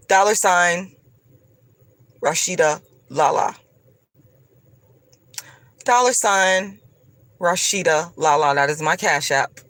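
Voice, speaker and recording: A woman's voice: deep voice, a bit bright, no echo. A woman vlogger delivering a profane, combative, preachy rant straight to her viewers. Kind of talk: ranting monologue to camera.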